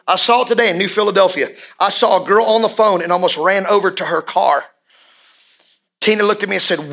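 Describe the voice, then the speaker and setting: Man, pastor mid-sermon; bright, high-leaning voice, passionate, repeats lines for emphasis. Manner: impassioned, swings from hushed to shouting; drawn-out emphatic repetitions.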